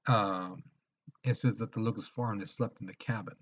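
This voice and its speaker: A man's voice: lowish voice, steady tone, moderate pace, breathy edge. A man teaching history in a casual lecture, retelling events with acted-out quotes and frequent check-ins. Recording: dull lo-fi recording.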